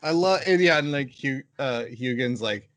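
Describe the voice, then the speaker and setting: Man, lively pitch, dry recording, podcast co-host, quick joking interjections. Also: dry recording. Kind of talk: casual anime discussion.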